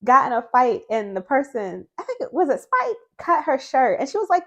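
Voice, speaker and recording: A woman's voice: high voice, big pitch swings, moderate pace, a bit bright. A woman vlogger chatting casually and rambling as she reviews tarot decks, laughing often and restarting her sentences. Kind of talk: chatty casual video response.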